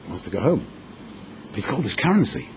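A man's voice: medium pitch, sing-song, brisk, slight background noise. A man telling a dramatic story as a sermon to a room of young men, repeating words for emphasis. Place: room with an audience.

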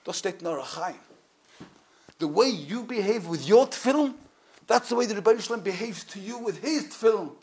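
High-voiced man preaching with passion. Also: lively intonation, brisk. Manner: impassioned, swings from loud to hushed. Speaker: rabbi. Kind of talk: sermon.

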